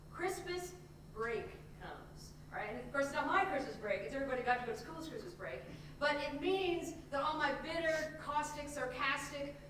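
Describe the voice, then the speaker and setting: A woman performing a comic solo theater monologue on stage, telling her story in an animated, self-mocking way. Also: sits high. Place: theater stage before an audience. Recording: echoey live theater, distant mic, room noise.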